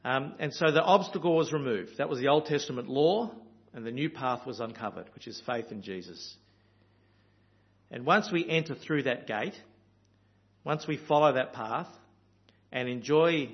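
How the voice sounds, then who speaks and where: A man's voice: mid-range voice, creaky, dull audio. A man from Australia with an Australian accent, preaching a sermon in an earnest, storytelling way with frequent ums and uhs.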